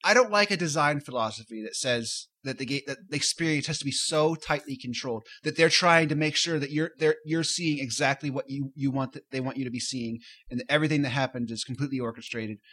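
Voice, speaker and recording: A man's voice: mid-range voice, quick pace, few pauses, sharp tone, husky. A man co-hosting a casual gaming podcast over a cheap instrument mic, restarting sentences as he hunts for words. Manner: hesitant, searching for words. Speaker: podcast co-host. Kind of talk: casual chat.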